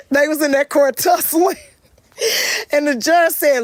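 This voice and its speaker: A woman telling a profane, animated storytime straight to her viewers. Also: sits high, a little slow, pauses often, dry recording, clean studio sound. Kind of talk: casual storytime monologue.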